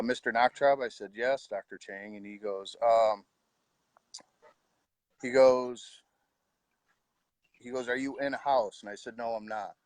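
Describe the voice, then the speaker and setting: A middle-aged man, quietly telling his own story of losing his wife, with halting pauses and heartfelt words. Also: medium pitch, dry recording. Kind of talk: personal storytelling.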